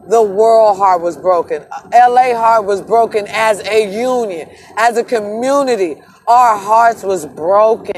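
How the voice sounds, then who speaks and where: A woman's voice: on the high side, a little hiss or hum. A woman talking straight to her viewers in a casual vlog, emphatic and emotional, swearing freely and calling them "y'all". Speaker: vlogger.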